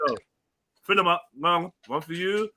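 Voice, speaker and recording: A man with a high, bright voice keeps up casual live-stream banter on an online panel, teasing and cracking jokes as he goes. he swears freely and keeps the chat loose. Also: normal speed. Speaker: panel host.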